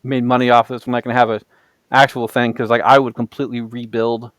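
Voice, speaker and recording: Blunt man with a smooth dry voice. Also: medium pitch, flat delivery, a little fast, fairly bright tone, dry recording. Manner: blunt, swears casually. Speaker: podcast host. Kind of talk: casual chat. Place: home basement room.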